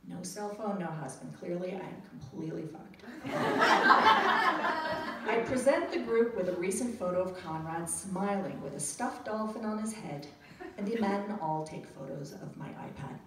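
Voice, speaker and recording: A woman spins a wry, self-deprecating story for a live crowd, taking her time and letting her pitch roam widely. She sounds far from the mic in a very echoey room. Clear background noise hangs under her voice. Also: sing-song, measured pace. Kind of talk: live comic storytelling to an audience. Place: cafe storytelling night. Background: audience laughter.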